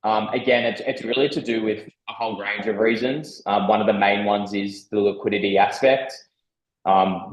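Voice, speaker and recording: A man answering a host's questions as a guest, explaining carefully with many pauses and ums. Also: on the low side, roomy sound, rough recording. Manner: measured, many ums and restarts. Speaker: guest from a crypto broker. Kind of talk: explaining in an interview.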